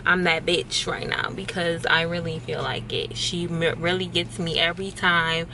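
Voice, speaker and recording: Bright, bubbly young woman vlogging. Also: on the low side, steady tone, moderate pace, slight background noise. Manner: bubbly, slangy and playful, hyping herself up. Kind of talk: casual vlog chat to camera. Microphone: phone camera held by hand.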